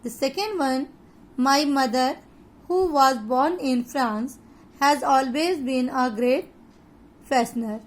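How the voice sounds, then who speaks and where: Her voice sits high as she leads an online grammar lesson. She's a woman with an Indian English accent who explains at a slow, deliberate pace, with pauses along the way.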